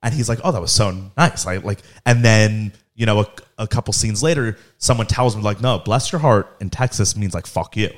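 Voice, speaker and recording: A man's voice: on the low side, fairly quick, few pauses. A man co-hosting a podcast, chatting casually, teasing his co-host and laughing often. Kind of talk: casual chat.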